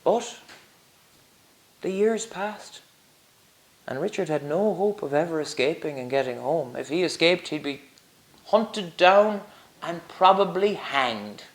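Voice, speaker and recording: A man's voice: fairly high pitch, expressive, takes it slowly, pauses often. A man tells a story to schoolchildren in a playful way and asks them questions as he goes. His voice swoops up and down with great animation. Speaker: primary school teacher, storyteller. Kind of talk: storytelling for children.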